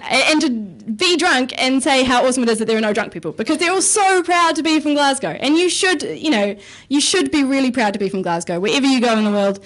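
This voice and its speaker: A woman performing a self-mocking stand-up set on a comedy club stage, chatty and casually swearing. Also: a little high. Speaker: stand-up comic and researcher.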